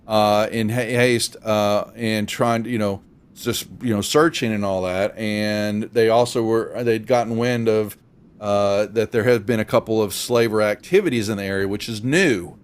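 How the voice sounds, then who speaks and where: A man with a drawl runs a tabletop game in a smooth, resonant voice. He rambles through the setting, full of fillers and restarts. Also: fairly low pitch, moderate pace. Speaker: game master.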